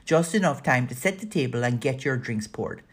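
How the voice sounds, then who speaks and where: A woman voicing a stout, kindly older housekeeper who fusses over the children, with a breathy voice. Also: extremely low pitch, lively intonation, normal speed, exaggerated voice.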